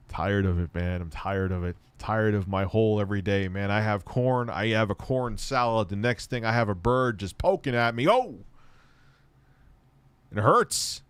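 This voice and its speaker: On a casual livestream, a young man jokes, curses and banters with his pet bird. His voice is lowish, clear and resonant, and he speaks at a measured pace.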